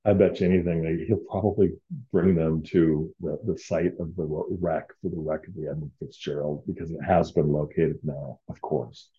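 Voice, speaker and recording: A man's voice: very deep voice, fairly even intonation, moderate pace, phone-quality sound. A man hosting a casual solo podcast, rambling and heartfelt with many fillers. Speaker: podcast host.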